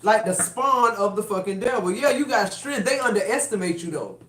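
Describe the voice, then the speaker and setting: A woman's voice: mid-range voice, moderate pace. A woman doing a live-stream tarot reading, blunt and profane, with fired-up, emphatic delivery. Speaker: tarot reader. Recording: roomy echo.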